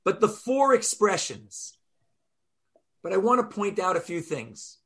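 A man teaching a weekly Torah class over a video call, telling stories and acting out quotes with lively jumps in his voice. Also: unhurried, slightly rough. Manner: animated storyteller, acts out quotes with big pitch jumps.

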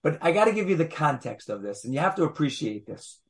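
A man's voice: fairly high pitch, sing-song, fast talker. A man teaching Torah to a small group, reading verses aloud and pressing his listeners with rhetorical questions. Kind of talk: animated text study with a small group.

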